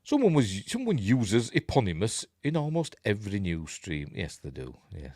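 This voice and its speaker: A man's voice: on the low side, wildly swooping pitch, moderate pace, dark tone, dry recording, clean studio sound. A man with a Yorkshire accent hosting a live news stream, reading articles aloud and mocking them in a chatty, sarcastic way. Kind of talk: casual live-stream commentary.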